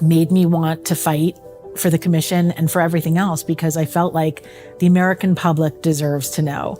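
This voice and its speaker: A woman giving a personal testimony in an interview, halting and repeating herself. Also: deep voice, flat delivery, mellow, faint music behind. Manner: halting, with fillers and repeated phrases. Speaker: interviewee, widow.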